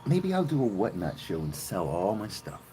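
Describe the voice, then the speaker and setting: A man from South Mississippi with a Southern American accent, chatting excitably with viewers on a live stream and swearing freely. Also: fairly low pitch, moderate pace, slight background noise. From South Mississippi, USA.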